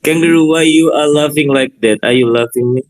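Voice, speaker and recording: A man co-hosting a live stream, speaking in halting, slightly broken English and repeating his questions. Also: fairly high pitch, no echo, poor audio. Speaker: stream co-host. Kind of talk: playful live-stream banter.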